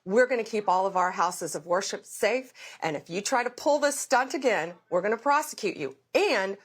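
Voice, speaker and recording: A woman's voice: mid-range voice, lively intonation, moderate pace, husky. A middle-aged woman answering questions in a political news interview, telling events in vivid detail and making firm, repeated vows. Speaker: interview guest, government official.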